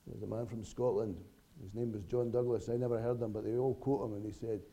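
A man preaching a sermon to his congregation, earnest, with dramatic pauses and sudden swells and drops in volume. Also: mid-range voice, steady tone, mellow, muffled recording.

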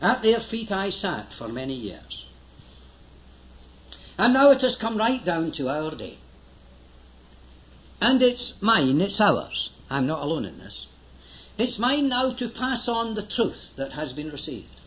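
A man's voice: high voice, sing-song, slow pace, pauses often, fairly bright tone, muffled recording. An older man preaching a sermon in an earnest, emphatic way, often urging his listeners to listen closely.

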